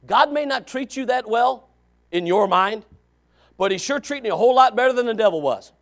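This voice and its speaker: A man gives a sermon as associate pastor, his voice sitting high for a man. He is folksy and quick to joke. He drops into low, quiet asides, then climbs to loud, shouted calls to his listeners. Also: expressive. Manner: folksy, joking, with sudden dramatic emphasis.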